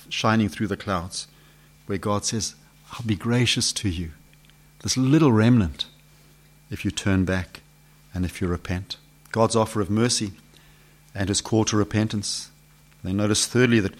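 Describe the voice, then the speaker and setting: Preacher swinging loud to hushed. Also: male voice, on the low side, steady tone, moderate pace. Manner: dramatic swings from loud emphasis to hushed questions; rhetorical questions to the audience. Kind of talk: expository sermon.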